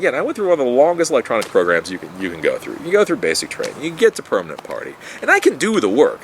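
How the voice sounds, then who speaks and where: A man's voice: mid-range voice, wildly swooping pitch, racing, hardly any pauses, a little hiss or hum. A man telling a personal story in a casual, rambling monologue, repeating words and swearing when annoyed. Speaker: vlogger telling his life story.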